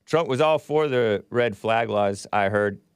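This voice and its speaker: A man's voice: on the low side, a little slow, smooth, dry recording, clean studio sound. A man hosting a call-in talk show, chatting casually, laughing often and reading out listener comments. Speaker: radio call-in show host.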